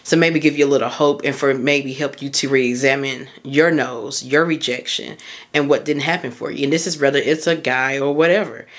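A woman's voice: a bass voice, steady tone, moderate pace. Chatty woman giving mindset advice. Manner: conversational, loose phrasing with many fillers; candid, personal storytelling. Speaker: podcast host and mindset coach. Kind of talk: casual motivational monologue.

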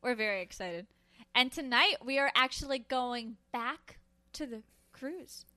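Female podcast co-host, high, bright, excitable and giggly. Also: unhurried, no room sound. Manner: giggly, enthusiastic, storytelling. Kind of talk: casual podcast chat. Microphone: video call.

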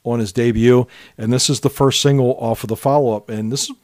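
A man co-hosting a podcast, chatting casually about old pop hits and telling stories, sometimes trailing off softly. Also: mid-range voice, fairly even intonation, a little fast, noisy background. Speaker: podcast co-host. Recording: music playing under the talk.

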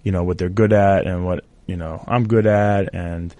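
Choked-up man speaking haltingly. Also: low voice, fairly even intonation, dark tone, no echo. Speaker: guest fighter. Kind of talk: casual interview talk.

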